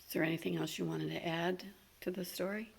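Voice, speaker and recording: A woman interviewer asking gentle, prompting questions for an oral history. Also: fairly low pitch, fairly even intonation, brisk, gravelly.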